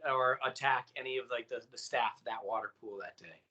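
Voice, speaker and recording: A man's voice: mid-range voice, fairly quick, pushed and bright, highs cut off. A man co-hosting a podcast, chatting casually and dropping dry, understated asides. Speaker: podcast co-host. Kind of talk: casual chat.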